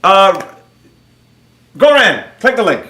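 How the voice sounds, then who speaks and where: Male livestream host, bright and animated, roomy echo. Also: sits high, takes it slowly. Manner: animated, joking, addresses chat viewers by name. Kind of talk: casual livestream Q&A.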